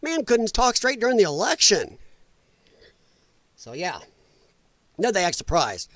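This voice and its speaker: High-voiced man ranting on a livestream. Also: huge pitch swings, a little slow, fairly bright tone, dry recording. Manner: blunt, ranting, mocking, with laughs and mimicry. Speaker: livestream host. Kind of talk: casual political commentary livestream.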